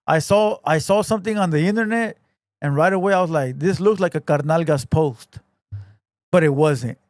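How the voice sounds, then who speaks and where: Male stream host, slightly high, dry close sound, blunt, profane, relaxed slang. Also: moderate pace, dry recording. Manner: profane, blunt, laid-back street slang, calls everyone "fool". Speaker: podcast host reading viewer comments. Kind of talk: casual livestream chat.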